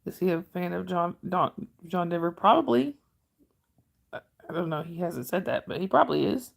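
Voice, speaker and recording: A middle-aged woman with a Southern drawl and a gravelly, creaky voice, rambling casually on a home livestream. Her voice sits on the low side, and she stops often to answer viewers' comments. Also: moderate pace. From northern Georgia, US. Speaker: livestream host.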